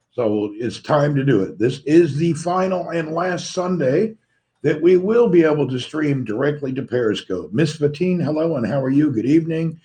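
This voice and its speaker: Livestream host, American man with a Southern accent, sleep-deprived and slightly crackly, greets his viewers in a relaxed, chatty way. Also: medium pitch. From Tennessee, USA. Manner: friendly, greets viewers one by one. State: tired, voice a little crackly from poor sleep. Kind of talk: casual livestream chat, reading out viewer comments.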